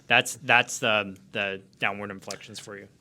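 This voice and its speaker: A man co-hosting a podcast, jumping in with quick eager agreement and brisk explanations. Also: on the low side, steady tone, sharp tone. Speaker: podcast co-host. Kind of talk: casual podcast chat.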